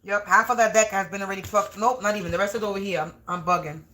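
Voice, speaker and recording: A woman doing a tarot reading on a livestream at home, muttering over her cards, then shouting and swearing at people she thinks are against her. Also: mid-range voice, fairly even intonation, quick pace, noisy background. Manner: swears a lot, swings between muttering and shouting. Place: home room.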